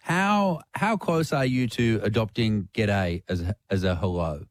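A man with an Australian accent co-hosting a drive-time radio show, playful and teasing in an animated way. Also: fairly low pitch, a little slow, dry recording. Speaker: radio co-host.

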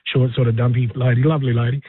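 An Australian man rattles off his story over a tinny phone line. His voice is husky and slightly high. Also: level tone, racing, no echo. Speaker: caller. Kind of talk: telling an anecdote on radio.

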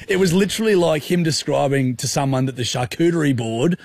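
A man's voice: mid-range voice, animated, moderate pace, hardly any pauses. A man co-hosting a radio show, joking and laughing through casual banter. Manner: jokey, laughs often. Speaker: radio co-host. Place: radio studio.

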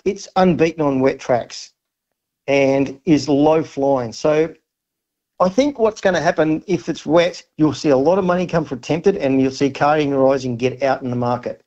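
Aussie racing caller, keen and rambling, slightly high voice, muffled phone-in sound. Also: male voice, moderate pace, darkish tone. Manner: enthusiastic, rambling tipster. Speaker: racing guest on radio. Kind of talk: casual radio chat. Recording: dull lo-fi phone-in line.

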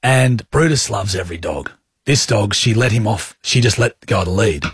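A man's voice: on the low side, moderate pace, slightly rough, dry recording, clean studio sound. An Australian man hosting a radio show, telling a story animatedly in casual banter and acting out what he said. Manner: animated storyteller acting out his own quotes. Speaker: radio host. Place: radio studio. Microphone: studio mic.

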